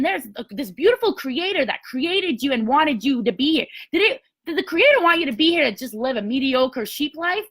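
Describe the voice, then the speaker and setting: A woman's voice: high voice, big pitch swings, fairly quick, few pauses, a bit bright. A woman giving an emphatic, blunt motivational talk to a sales team, with some mild swearing. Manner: emphatic, blunt, mildly profane pep talk.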